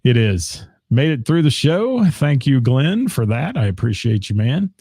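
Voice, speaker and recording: A man's voice: mid-range voice, sing-song, measured pace, mellow, breathy edge, dry recording, clean studio sound. A man hosting a live local music show, casually reading gig listings and answering viewer comments. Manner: chatty, reads gig dates aloud, answers viewer comments.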